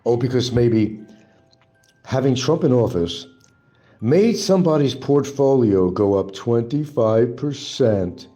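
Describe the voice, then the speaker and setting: A man's voice: mid-range voice, lively intonation, slow, dark tone, faint music behind. A man hosting his own show, delivering an angry, profane and mocking monologue. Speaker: livestream host. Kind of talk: ranting political monologue.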